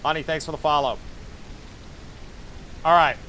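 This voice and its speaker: Man, game streamer, joking, casual commentary, talks to himself, fairly high voice. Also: fairly even intonation, a little slow, sharp tone, slight background noise. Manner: joking, chatty, talks to himself while playing. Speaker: VTuber streamer. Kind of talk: casual gaming commentary to chat.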